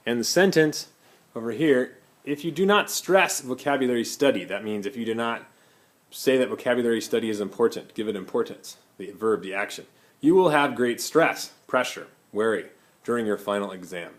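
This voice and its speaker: A man teaching an English vocabulary lesson to his class, explaining slowly with many pauses and fillers and giving Spanish translations. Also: mid-range voice.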